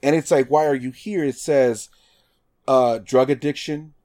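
A man from Nevada telling a story in casual chat, animated and swearing, acting out quotes with lots of "like". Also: mid-range voice, measured pace.

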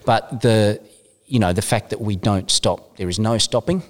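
A man's voice: on the low side, normal speed. A man hosting a casual podcast interview, talking in a chatty, enthusiastic way with the odd casual swear. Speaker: podcast host. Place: gym.

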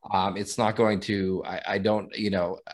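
A man on a casual sports podcast, giving his views haltingly and repeating words as he thinks. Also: low-pitched, level tone. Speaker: podcast co-host.

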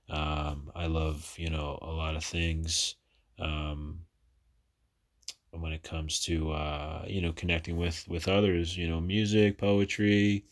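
Chatty low-voiced man in his thirties. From New Jersey. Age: 30s. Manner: chatty, rambling, many fillers and restarts. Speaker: podcast host. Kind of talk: casual personal podcast monologue.

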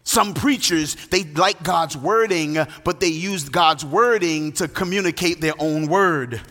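A man's voice: on the high side, measured pace, a bit bright. A man preaching a sermon as pastor, emphatic and half-singing his phrases, recorded in a large church hall. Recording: long hall reverb.

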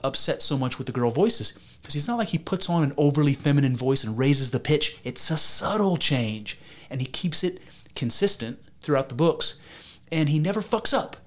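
A man co-hosting a podcast, chatting casually and enthusiastically, rambling with restarts and the odd swear word. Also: fairly high pitch. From United States. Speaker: podcast co-host. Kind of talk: casual chat.

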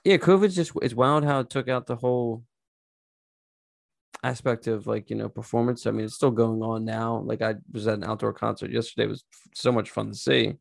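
Podcast host guy, gravelly voice, easygoing chat, dry close sound. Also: mid-range voice, steady tone, brisk, no room sound.

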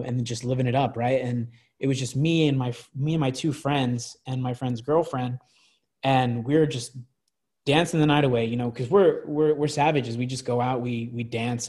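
A young man in his twenties chatting as a guest, telling wild stories in a loose, rambling way full of restarts and fillers. His voice sits at an ordinary pitch for a man. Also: steady tone, a little fast, darkish tone. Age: 20s. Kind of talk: casual storytelling chat.

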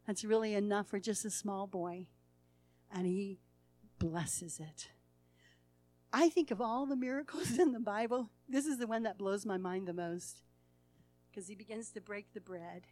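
A woman preaching a sermon in a folksy, storytelling way, laughing at times, acting out the people in the story and swinging between hushed and loud passages. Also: medium pitch.

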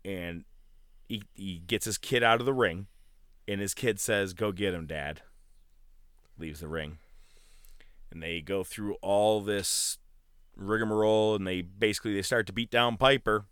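Animated man recapping wrestling. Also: on the low side, a little slow, clean tone, no echo, clean studio sound. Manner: animated storytelling, mimics wrestlers loudly. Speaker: podcast co-host. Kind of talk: casual wrestling recap chat.

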